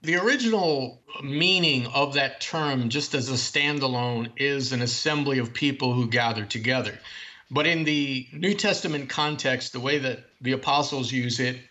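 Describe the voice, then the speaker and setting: A man's voice: medium pitch, normal speed, sharp tone. A man speaking as the author being interviewed, laying out his points in long, earnest explanations. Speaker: author and guest. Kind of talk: interview, theological discussion.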